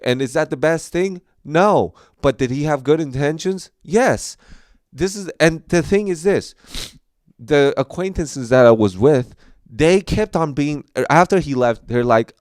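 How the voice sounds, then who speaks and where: A young man, a comedian hosting a podcast, talking in a casual, rambling way with many fillers and animated jumps in pitch. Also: measured pace, no echo, clean studio sound.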